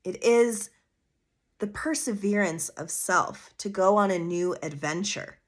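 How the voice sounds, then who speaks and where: On her solo astrology podcast, a woman talks a little slowly in a medium-pitched voice. She coaches earnestly and casually, using rhetorical questions, asides, and fillers like "vibe" and "you know."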